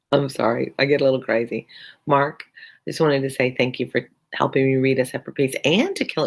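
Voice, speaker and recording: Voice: medium pitch, animated, moderate pace, creaky, rough recording. A teacher reading a novel aloud on a live stream, breaking off for chatty asides to viewers. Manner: chatty asides between passages.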